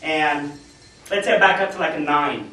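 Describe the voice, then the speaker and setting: A man's voice: on the high side, normal speed, bright, forceful tone. A man giving a motivational business seminar to a room, telling stories animatedly and acting out the people he quotes. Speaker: business opportunity speaker. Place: meeting room with an audience. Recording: echoey room, distant mic.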